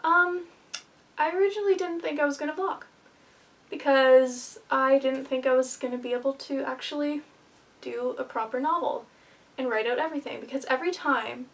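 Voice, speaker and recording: Young woman, high voice, kinda breathless and nervous, rambly vlog chat, mic sits a bit far off. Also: moderate pace. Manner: nervous, rambling, self-deprecating, with filler words. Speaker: vlogger. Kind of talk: casual vlog talk to camera.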